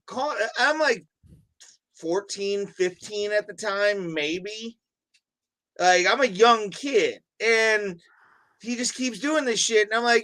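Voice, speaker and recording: Young male co-host, bright and animated, loose profane storyteller. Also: high-pitched, measured pace. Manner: animated storyteller, swears freely. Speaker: podcast co-host. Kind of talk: casual chat.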